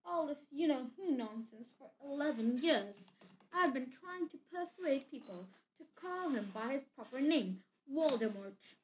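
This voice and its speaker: Dumbledore, a calm old wizard, read by a woman. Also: high voice, a little slow, a little hiss or hum, pitched above the performer's own voice. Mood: gentle. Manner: mild and soft-spoken. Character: gentle, calm elderly male wizard headmaster. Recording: echoey room.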